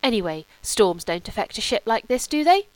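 A gushing, excitable young society wife who speaks in breathless exclamations, voiced by a woman narrating a novel. Her voice sits high and bright. It stays smooth and close in a dry recording. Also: normal speed, no echo.

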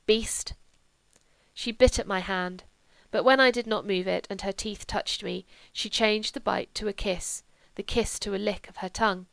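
A woman narrating a literary audiobook in a calm, measured way, dropping to a hush in quiet passages. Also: mid-range voice, creaky, no echo.

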